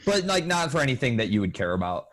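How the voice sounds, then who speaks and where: Profane young man telling animated stories. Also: medium pitch, fast. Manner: profane, animated, mimics people in voices. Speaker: podcast co-host. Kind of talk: casual storytelling chat.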